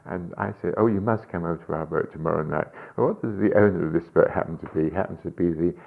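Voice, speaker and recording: Older man, very deep voice, chuckling anecdotes, hesitant, tinny phone-like audio. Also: quick pace, gravelly. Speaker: rabbi and guest. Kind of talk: radio interview conversation.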